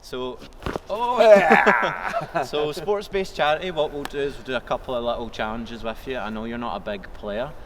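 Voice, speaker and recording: A man interviewing for a sports charity, talking in a brisk, upbeat way. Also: mid-range voice, a loud crowd. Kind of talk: casual interview chat.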